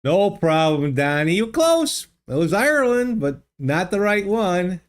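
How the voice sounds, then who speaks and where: Guy streaming a guessing game, kinda high voice, slow easygoing talk, musing to chat. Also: very animated. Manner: thinks aloud, muses and answers viewers' chat. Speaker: live streamer. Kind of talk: casual live-stream chat while playing a geography guessing game. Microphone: desk microphone.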